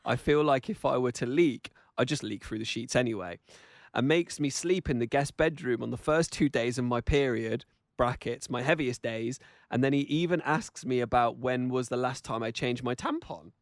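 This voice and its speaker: A man's voice: mid-range voice, moderate pace, no room sound, clean studio sound. A young man co-hosting a casual podcast, swearing freely, laughing often and reading listener stories aloud. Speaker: podcast co-host. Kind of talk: casual chat.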